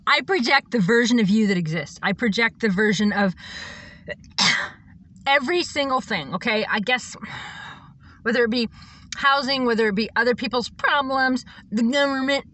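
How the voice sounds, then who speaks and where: Bright, blunt, swearing woman ranting. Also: a little high, normal speed, long pauses. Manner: blunt, profane, emphatic ranting. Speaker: self-described psychic and reverend. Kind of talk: rambling monologue.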